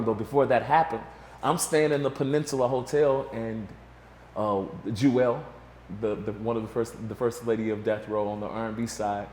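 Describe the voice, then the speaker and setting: A man's voice: medium pitch, fairly even intonation, moderate pace, a little mellow, slight background noise. A middle-aged man recounting a story as a guest in an interview, acting out the voices of others as he goes. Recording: echoey room with faint ambience.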